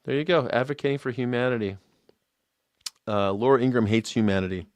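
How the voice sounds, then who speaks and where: A man's voice: mid-range voice, fairly quick, darkish tone, clean tone, dry recording. A man hosting a live news reaction show, sarcastic and profane, mocking what he plays. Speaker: host.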